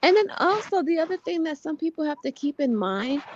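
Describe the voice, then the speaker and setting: A woman co-hosting a podcast, chatting casually about celebrity gossip, animated and exclaiming, swearing freely. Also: high-pitched, fairly quick, highs cut off, slight background noise. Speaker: podcast co-host.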